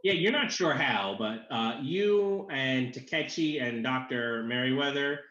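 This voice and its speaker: A man narrating as game master of a tabletop game, halting with many fillers. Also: medium pitch, fairly bright tone. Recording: echoey room, dull lo-fi sound.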